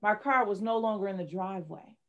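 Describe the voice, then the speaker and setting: A woman's voice: medium pitch, brisk, fairly bright tone, lo-fi sound. A middle-aged woman, a life coach and author, telling her personal story candidly and with strong emotion in an interview. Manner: candid, emotional, dramatic retelling.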